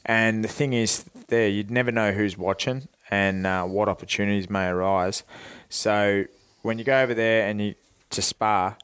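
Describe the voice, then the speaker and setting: A young Australian man with a clean, smooth voice, recorded close and dry. He tells stories casually and swears freely, scattering fillers as he goes. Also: on the low side, steady tone, moderate pace, a bit bright, dry recording. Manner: laid-back, swears freely, many fillers. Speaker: guest, professional boxer. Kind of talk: casual storytelling on a podcast.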